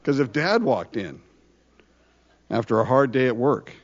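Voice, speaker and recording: A man preaching a conversational sermon, full of rhetorical questions and lively asides. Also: mid-range voice, unhurried, lo-fi sound. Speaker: pastor.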